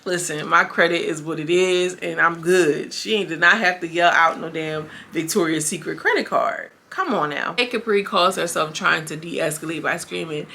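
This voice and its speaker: A woman casually recapping a reality show episode, animated and full of slang. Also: lowish voice, normal speed, gravelly, few pauses, background noise. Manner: animated, slangy, acts out cast quotes.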